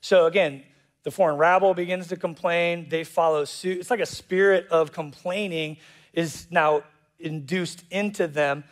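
A man preaching a sermon as pastor, animated and jokey, acting out voices in quotes. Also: a little high, a little slow. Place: church auditorium.

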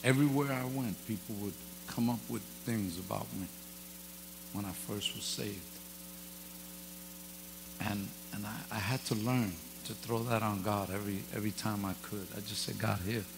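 A man's voice: fairly low pitch, fairly even intonation, normal speed, vocal fry. A man preaching an informal sermon in a church, folksy and joking, with casual grammar and humorous stories. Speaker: guest pastor. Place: church hall. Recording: long hall reverb with faint mains hum.

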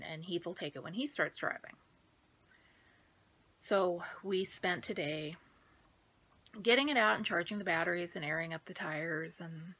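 A woman's voice: on the low side, sharp tone. A middle-aged woman vlogging casually from home about her stitching projects, out of breath, rambling and sometimes dropping to a near-whisper. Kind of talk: casual chat.

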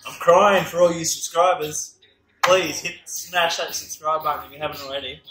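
An Australian man with a forceful, fairly high voice hosts a chilli challenge, hyping up his mates and whooping between lines. He sits well back from the mic, so his voice bounces around a roomy workplace space. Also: steady tone, moderate pace, faint music behind. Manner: loud, cheering, hypes up his mates with whoops. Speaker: host of a chilli review channel. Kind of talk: casual hype chat during a chilli challenge. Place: indoor onsite workplace. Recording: roomy sound from a distance.

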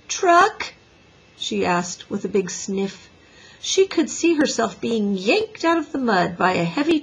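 A woman teacher reading a children's book aloud with an expressive, lively voice. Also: medium pitch, slightly rough, low-quality recording. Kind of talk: storybook read-aloud.

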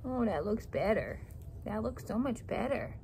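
A woman speaks in a gentle, cooing voice, soothing an animal in a casual outdoor vlog. Her pitch sits in the middle range and her talk stays soft and tender. Faint farm sounds hiss quietly behind her. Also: very animated, normal speed, poor audio. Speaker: vlogger, pet owner. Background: faint farm ambience, geese and rain.

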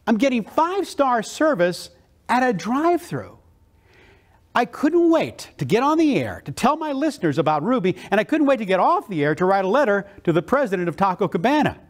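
A man giving a motivational keynote, telling a story with animated delivery and slow dramatic pauses on key words. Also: high voice.

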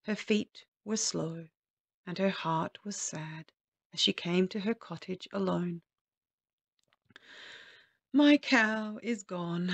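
A woman telling a children's story aloud in a gentle, lilting, expressive way. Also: medium pitch, gravelly, no room sound.

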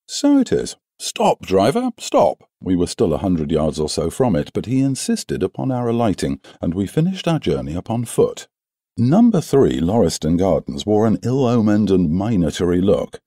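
A man narrating an audiobook in a measured, storytelling way, close to a studio microphone. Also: deep voice, warm tone, dry recording.

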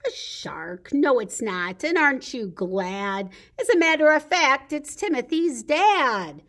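A woman's voice: high-pitched, sing-song, slow pace, hardly any pauses, fairly bright tone. A woman leading a baby storytime as a children's librarian, reading picture books and rhymes in a playful sing-song way with gasps and sound effects.

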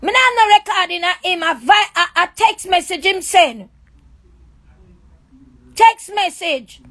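Very high-voiced Jamaican woman. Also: a little slow, bright, forceful tone. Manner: accusing, repetitive, raw and impassioned. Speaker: livestreamer. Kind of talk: emotional live-stream rant.

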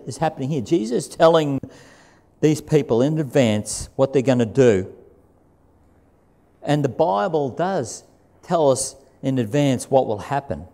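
A man preaches in a church, his voice mellow and warm at an ordinary middle pitch. He reads scripture with emphasis and repeats his key phrases in a plain, conversational way. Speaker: pastor. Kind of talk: sermon. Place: church sanctuary.

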